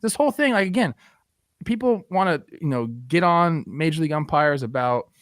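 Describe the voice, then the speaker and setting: A man co-hosting a casual sports talk show, relaxed and chatty, with frequent likes and you-knows. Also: on the high side, brisk, no room sound, studio quality.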